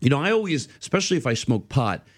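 A man's voice: mid-range voice, fast talker, breathy edge. A man in his fifties, a comedian guest on a podcast, telling rambling stories with many restarts. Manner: animated rambling storyteller, restarts a lot. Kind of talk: casual podcast chat.

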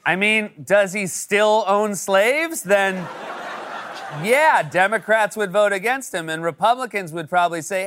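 A man's voice: high-pitched, lively intonation, a little slow, noisy background. A man hosting a late-night comedy show, delivering a scripted monologue with wry, punchy timing.

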